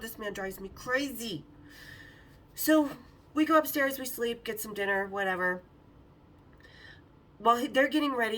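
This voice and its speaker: A woman with a bright, forceful voice, pitched a little high, telling candid stories with plenty of swearing and laughter. She sits a bit back from the mic. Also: far from the mic. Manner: frank, profane, laughs often. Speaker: podcast host. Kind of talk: candid storytelling.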